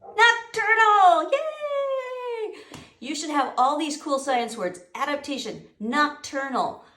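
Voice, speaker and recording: A woman's voice: high voice, measured pace. Woman, wildlife educator, playful classroom talk, echoey room, distant mic. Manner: animated, playful, teasing. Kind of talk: lively classroom wildlife presentation.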